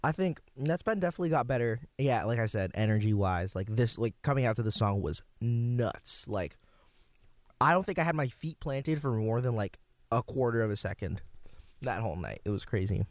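A man's voice: mid-range voice, lively intonation, normal speed, no echo. Young male college radio DJ, upbeat and rambling between tracks, close and dry, no room sound. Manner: enthusiastic, rambling, lots of "like". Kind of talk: casual radio DJ chat.

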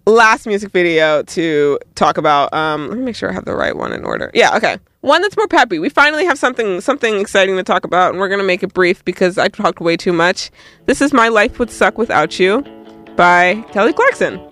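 Animated high-voiced young man. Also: brisk, no echo, faint music behind. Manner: animated, laughs often, self-interrupting. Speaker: music video reviewer. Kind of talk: casual commentary.

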